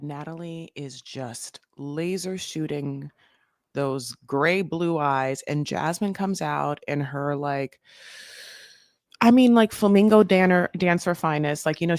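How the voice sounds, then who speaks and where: A woman co-hosting a podcast, telling stories in animated casual chat and acting out quotes, over a home mic. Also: deep voice, dry recording, studio quality. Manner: animated storytelling, acts out quotes. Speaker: podcast co-host. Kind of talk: casual chat recapping reality TV.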